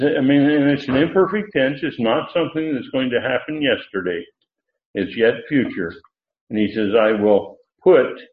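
A man teaching the Bible verse by verse in a halting way, with many fillers and restarts, leaning hard on emphatic words. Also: mid-range voice. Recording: echoey room on a tinny phone-like line.

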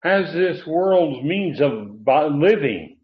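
A man's voice: a little high, animated, takes it slowly. A man preaching an expository sermon, teacherly, lifting his voice to stress key words. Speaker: pastor. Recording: tinny phone-like audio.

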